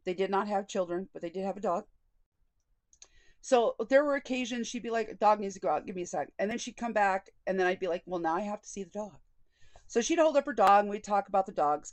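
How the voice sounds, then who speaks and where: A woman's voice: mid-range voice, darkish tone, dry recording. A woman speaking as a vlogger, telling a personal story candidly and with indignation, and often quoting conversations. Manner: candid and indignant, with frequent quoted dialogue.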